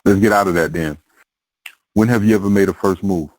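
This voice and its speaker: Male host, very low voice, laid-back slang, stammery starts, dry mic. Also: fairly quick, darkish tone, dry recording, rough recording. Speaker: podcast host. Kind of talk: casual conversation.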